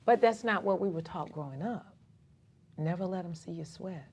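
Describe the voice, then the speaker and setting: A community activist from Atlanta, Georgia tells her own story in a casual interview, animatedly acting out other people's voices. Her voice is husky and fairly low, at a moderate pace.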